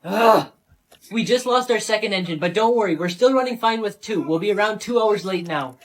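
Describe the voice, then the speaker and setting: A text-to-speech voice reading short joke stories and their dialogue in a flat, even way. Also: mid-range voice, brisk. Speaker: storytime narrator.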